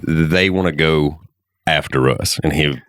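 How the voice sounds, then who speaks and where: A man in a band telling a road story in casual chat, excitable and laughing along the way. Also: extremely low pitch, unhurried. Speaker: band member.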